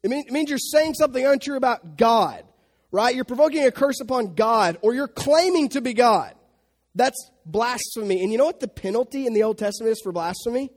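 High-voiced, conversational male preacher. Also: darkish tone. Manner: conversational, asks the audience questions; acts out quotes in funny voices. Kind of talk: sermon.

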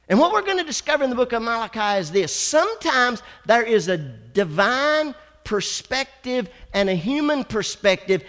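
High-voiced preacher in a reverberant church. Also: male voice, a bit bright. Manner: dramatic preacher, slows and drawls for emphasis, calls for amens. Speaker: pastor. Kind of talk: sermon. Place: church sanctuary.

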